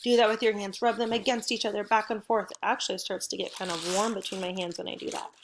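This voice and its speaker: Background noise fills this recording of a middle-aged woman teaching first graders from home. Her mid-range voice holds a steady tone, and she's upbeat and encouraging, speaking slowly and clearly for the children.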